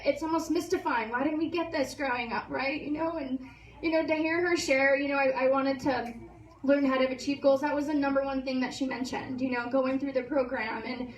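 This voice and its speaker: A high-voiced woman speaks from a distance in a roomy, echoing space with a faint hiss behind her. She hosts a graduation and sounds gushing and close to tears, full of fillers. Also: fairly even intonation, a little fast. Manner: gushing, tearful, many fillers like "like" and "you know". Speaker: course instructor hosting a graduation. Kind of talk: emotional speech. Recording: echoey room, voice from a distance.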